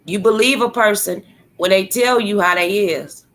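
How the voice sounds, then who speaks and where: A woman hosting a casual livestream, talking bluntly to her chat viewers, swearing freely and reacting with animated commentary. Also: mid-range voice, moderate pace. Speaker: livestream host. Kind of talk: casual live-stream commentary.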